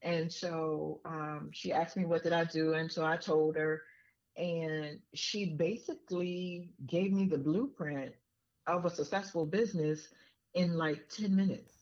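A woman's voice: deep voice, fairly even intonation, unhurried, a little mellow. A woman guest on a podcast, casually telling a story with lots of fillers and restarts. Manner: chatty, many fillers and restarts. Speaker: podcast guest, business owner. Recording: muffled lo-fi sound.

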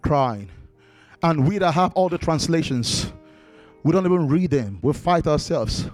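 A man with a fairly high, darkish voice delivers a sermon a little slowly but with lively intonation. As pastor, he exhorts the congregation through repeated commands and bursts into worship singing, captured dry and close-miked over background worship music.

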